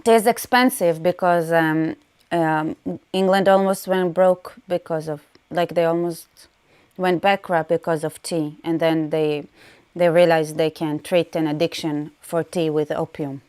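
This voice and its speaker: Chatty woman vlogger, slightly low voice. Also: steady tone, measured pace, darkish tone, clear, resonant tone. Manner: chatty, giggly, eating while talking. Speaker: vlogger host. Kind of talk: casual chat while tasting snacks.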